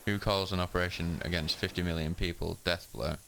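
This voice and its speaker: A man's voice: low voice, fairly even intonation, fairly quick, vocal fry, slight background noise. A man voicing a bitter, dying old male communist deserter, reading the game text plainly. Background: loud game music.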